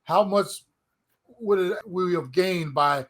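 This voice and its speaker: A man with a notably high voice co-hosts a sports podcast in a relaxed, emphatic way. He is middle-aged and talks like a former player, repeating words as he gets going. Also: takes it slowly. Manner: animated, emphatic, repeats words when starting. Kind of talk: casual sports chat.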